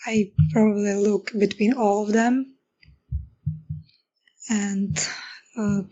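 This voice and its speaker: A woman's voice: medium pitch, steady tone, takes it slowly, mellow, highs cut off. A woman player describing her character's actions in a tabletop game, hesitant and first-person. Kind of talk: casual in-character role-play.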